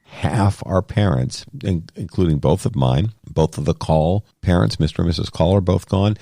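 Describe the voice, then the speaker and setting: A middle-aged man with a very low, deep voice talks through his experiences as a podcast co-host. He is earnest and rambling, and he often restarts his sentences. The sound is dry and close, with no room echo. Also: normal speed, gravelly, warm tone. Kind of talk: casual conversation.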